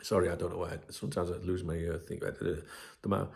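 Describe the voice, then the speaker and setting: A man's voice: deep voice, little pitch movement, quick pace, gravelly, darkish tone. A man hosting a football fan channel, talking in a rambling, casual way with plenty of swearing and fillers. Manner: rambling, swears freely, many fillers and asides. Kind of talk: casual solo commentary.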